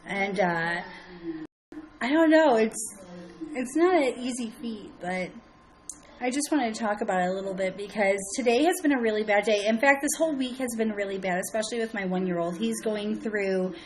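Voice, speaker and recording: A mother chatting casually on a live stream from home, rambling and halting with many restarts, breaking off to greet viewers by name. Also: mid-range voice, slight background noise, poor audio. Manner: greets chat viewers by name mid-sentence. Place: at home with her young children nearby.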